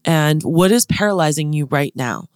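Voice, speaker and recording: A woman's voice: sits low, expressive, normal speed, clear, resonant tone, no room sound, studio quality. A woman in her thirties hosting a motivational podcast, talking to listeners in an upbeat, chatty, direct way. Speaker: podcast host and business consultant.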